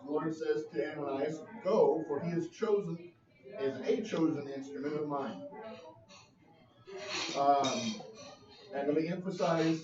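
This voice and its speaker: A man leading a small group Bible study, teaching in an earnest, halting way with many pauses. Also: on the high side. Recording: roomy lo-fi sound from a distant mic.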